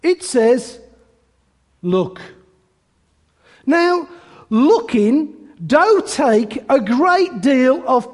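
A man's voice: very high voice, darkish tone, heavily acted. Plain-talking country preacher guy, man doing the voice, earnest and folksy, big hall echo.

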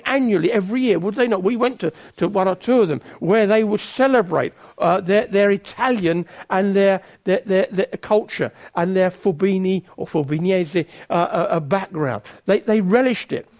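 A man's voice: sits high, a little mellow. A man preaching a sermon in a conversational way, with teasing, self-mocking asides.

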